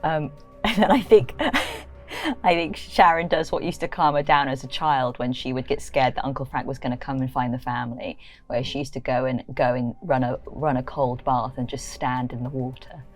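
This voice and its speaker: A woman playing a tabletop role-playing game, describing her character's actions in a lively, laughing way. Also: extremely low pitch, normal speed, soft background music. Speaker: player.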